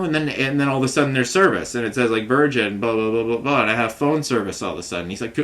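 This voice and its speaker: A man's voice: mid-range voice, fast, hardly any pauses, a bit bright. A man telling a rambling, frustrated story in a casual monologue, full of fillers like "you know what I mean". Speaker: vlogger recounting a customer complaint.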